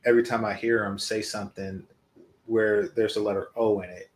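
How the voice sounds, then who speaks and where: Male host, lower register, unscripted meandering commentary, lots of filler pauses. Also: level tone. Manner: hesitant, many ums and restarts. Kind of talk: casual rambling commentary. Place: indoors in California.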